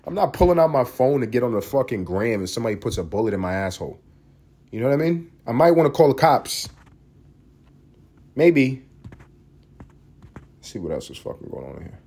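A man's voice: mid-range voice, sing-song, normal speed, long pauses, a little mellow, husky. A man hosting a solo podcast, ranting in a profane, heated and sarcastic way. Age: adult parent. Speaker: podcast host.

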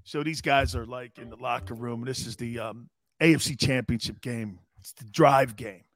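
A man co-hosting a casual sports talk show, telling stories in a lively, joking way. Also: mid-range voice, moderate pace, no room sound, studio quality. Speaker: sports radio co-host.

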